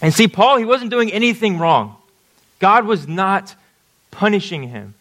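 A man's voice: high-pitched, lively intonation, unhurried, fairly bright tone. A man preaching a sermon, talking conversationally and checking in with his listeners. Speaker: pastor.

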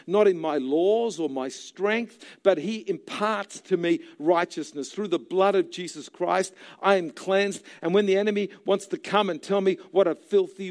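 Male pastor, high-pitched, passionate sermon delivery with shouted peaks. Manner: impassioned, rising to shouts. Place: church.

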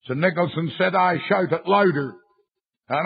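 Older preacher guy, raspy voice, shouty revival sermon, muffled old tape sound. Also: sits high, moderate pace. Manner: preaches in bursts, rising to shouts. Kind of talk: fiery revival sermon with anecdotes.

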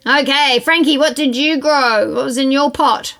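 A woman telling a story to children, animated, gasping and asking the children questions as she goes. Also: high voice, moderate pace. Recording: loud guitar music behind. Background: guitar music.

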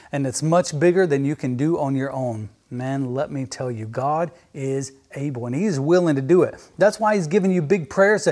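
A man's voice: fairly high pitch, a little mellow. A man preaching a fervent sermon on his podcast, speaking straight to the listener. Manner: fervent, emphatic, addresses listener as "my friend".

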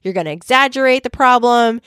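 A woman's voice: fairly high pitch, fairly quick, clean tone, no echo, clean studio sound. A young adult woman hosting a podcast, talking earnestly and telling stories in a scripted monologue. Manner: earnest, animated storytelling. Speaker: podcast host and volunteer trainer.

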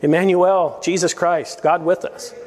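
A man's voice: high voice, steady tone, a little slow, darkish tone, in a large hall. A man preaching a verse-by-verse sermon as pastor, earnest and emphatic, with rising appeals to his listeners. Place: church sanctuary.

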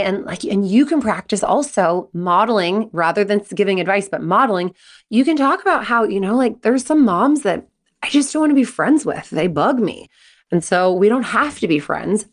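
Chatty woman coach giving parenting advice. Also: mid-range voice. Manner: chatty, animated storytelling, acts out quotes. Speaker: podcast host and coach. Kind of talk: casual advice talk.

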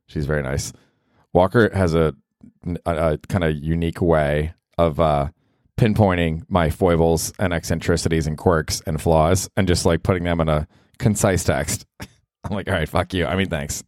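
A man's voice: deep voice, steady tone, moderate pace, a little mellow, dry recording, clean studio sound. A man hosting a solo podcast, rambling casually with profanity and self-deprecating asides. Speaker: podcast host.

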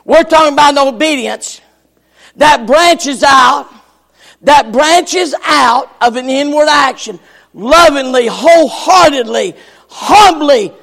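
An older man delivers a sermon in a very high, gravelly voice, slow and drawn out. He swings from shouted lines to hushed, almost whispered ones. The sound rings with a long hall reverb. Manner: shouting and dropping to near whispers. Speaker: pastor.

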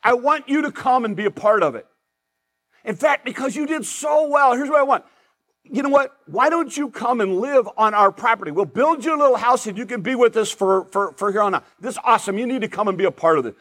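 A man's voice: very high-pitched, lively intonation, a little fast, a bit bright, pitched above the performer's own voice, heavily acted. A man voicing a delighted, generous male master of an estate who gushes with praise. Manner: effusive, gushing with praise.

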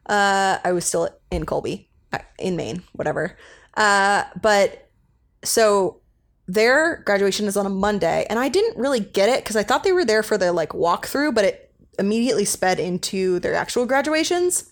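A woman's voice: mid-range voice, lively intonation, normal speed. Chatty young woman recapping a show. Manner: chatty, rambling, many fillers. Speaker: podcast co-host. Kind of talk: casual recap chat.

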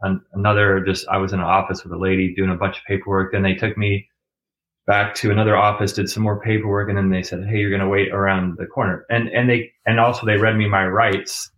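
A young adult man, an interview guest, telling his story in a relaxed, halting way with many pauses. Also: on the low side, lo-fi sound, a little hiss or hum. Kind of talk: casual storytelling.

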